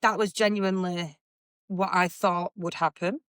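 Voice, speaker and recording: A woman's voice: on the low side, steady tone, normal speed, a bit bright, clean tone, dry recording, clean studio sound. A young woman from Manchester with a Mancunian accent, hosting a podcast in a chatty, blunt way and swearing freely. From Manchester, England. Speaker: podcast host. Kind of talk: casual chat.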